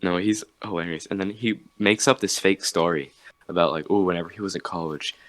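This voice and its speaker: A young podcast host with a very deep voice tells a long story in a loose, rambling way. He leans on fillers and restarts and acts out the quotes as he goes. The sound is dry, with no room echo. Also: fairly even intonation, brisk. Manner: rambling, filler-heavy retelling with acted quotes. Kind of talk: casual storytelling chat.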